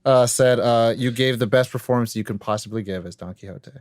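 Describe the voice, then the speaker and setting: A male podcast host of middle pitch who chats casually, stringing questions together with lots of fillers and restarts. His voice sits close and dry, free of any echo. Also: fairly quick, a little mellow. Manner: rambling questions full of fillers. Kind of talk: casual chat. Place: podcast studio.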